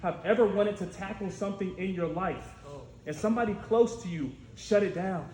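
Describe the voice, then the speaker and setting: Male preacher, storytelling sermon, high pitch, lively asides, roomy church echo. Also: normal speed. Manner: lively, conversational, frequent "right?" asides. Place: church sanctuary. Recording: echoey church room with faint noise.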